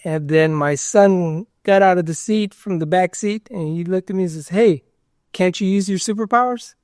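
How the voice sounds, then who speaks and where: A man's voice: high-pitched, normal speed, a little mellow, no room sound, studio quality. A man being interviewed, telling a story casually in a rambling way, with lots of fillers and acted-out quotes. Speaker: interview guest.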